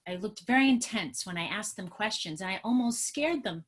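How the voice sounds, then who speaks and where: A woman's voice: medium pitch, animated, moderate pace. Middle-aged new york woman on a video call, earnest therapist teaching parents. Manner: earnest, teaching, talks with her hands. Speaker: trauma therapist. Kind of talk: educational webinar talk.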